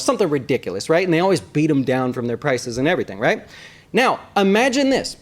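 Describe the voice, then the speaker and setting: An animated man with a slightly raised pitch gives casual commentary on the stock market. He hosts an investing show and talks straight to his viewers. He keeps checking in with a quick "right?". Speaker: investment advisor and show host.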